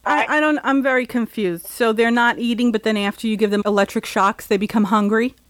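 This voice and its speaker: Ranting woman with a high voice. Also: steady tone, a little fast, dry recording. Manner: ranting, many "like" fillers. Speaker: host. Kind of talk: casual opinion chat.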